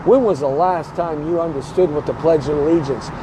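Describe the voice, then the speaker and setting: Show host, male, fired-up political commentator, combative and emphatic, voice sitting high, loud traffic behind. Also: a little fast. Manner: emphatic, hammering rhetorical questions; blunt and combative.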